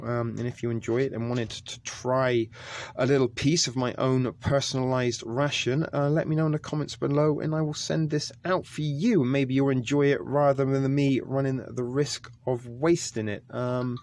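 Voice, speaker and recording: A man's medium-pitched, darkish voice stays fairly even in intonation at a moderate pace. In a casual food review vlog, he reviews a ration pack on camera, talking hesitantly and chattily with lots of ums.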